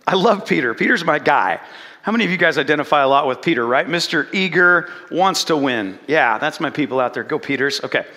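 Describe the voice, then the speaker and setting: A man preaching a sermon, telling the story with animated retellings and asking the congregation questions. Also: a little high, brisk, in a large hall. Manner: animated storytelling, acts out quoted lines, asks the congregation questions. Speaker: pastor.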